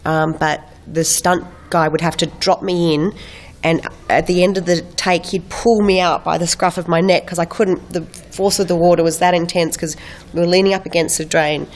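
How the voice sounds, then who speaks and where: A middle-aged woman, an actor, telling animated stories in a casual interview with frequent laughs and restarts. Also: fairly low pitch, moderate pace. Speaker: actor guest.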